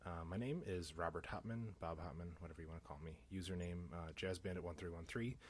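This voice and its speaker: A man's voice: deep voice, fairly even intonation, fast talker, slightly rough. A man from the Chicago area with a Chicago-area American accent, casually reading through a word list for an accent challenge, with plenty of filler sounds. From Illinois, USA. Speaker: vlogger.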